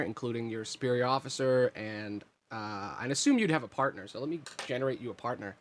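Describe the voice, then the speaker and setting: A man's voice: medium pitch, fairly bright tone, a little hiss or hum. A young man casually narrating a tabletop game as game master, with a loose, swearing, laid-back delivery.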